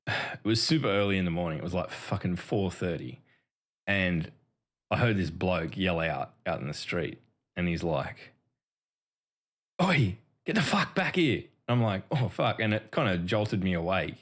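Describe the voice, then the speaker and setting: A man's voice: low-pitched, moderate pace. A man with an Australian accent co-hosting a gaming podcast, swearing freely and laughing through his stories. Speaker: podcast co-host. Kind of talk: casual gaming chat.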